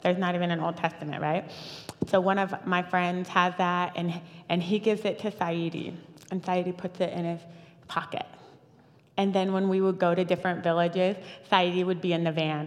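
A woman in her thirties giving a lively personal church testimony, with frequent fillers and restarts. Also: on the low side, normal speed. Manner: animated storytelling with fillers and restarts. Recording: long reverb of a hall.

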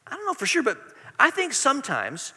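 Pastor guy preaching, earnest and emphatic, high voice, long echoey hall. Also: wildly swooping pitch, a little fast, sharp tone. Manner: earnest and emphatic, with frequent repetitions. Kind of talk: sermon.

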